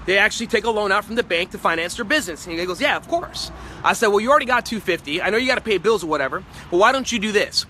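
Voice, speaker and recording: Fast, forceful high-voiced man. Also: slight background noise. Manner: fast, forceful and emphatic, acts out client voices. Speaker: sales trainer. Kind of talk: motivational sales talk.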